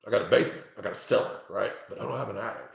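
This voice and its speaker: A man reading tarot live for his chat from home, talking excitably, swearing freely and exclaiming. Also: lowish voice, very fast, vocal fry. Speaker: tarot reader livestreaming to chat. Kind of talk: casual live-stream chat. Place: at home, indoors. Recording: very echoey room.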